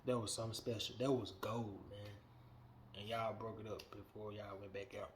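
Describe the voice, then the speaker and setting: A man hosting a wrestling podcast, giving a blunt, profane, animated opinion rant that swings between muttering and loud outbursts. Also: fairly low pitch, normal speed, slight background noise.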